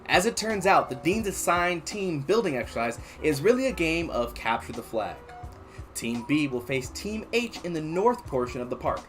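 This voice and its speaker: A man streaming casually, reading an interactive story aloud and chatting to his viewers in an animated way. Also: on the high side, moderate pace, faint music behind. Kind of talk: casual livestream read-aloud.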